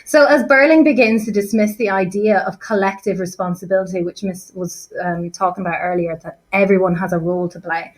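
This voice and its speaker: A woman's voice: medium pitch, brisk, hardly any pauses, rough recording. A woman teacher talking through a set text for a revision lesson, chatty and self-deprecating, with frequent fillers and restarts. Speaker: English teacher. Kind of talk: casual revision lesson chat.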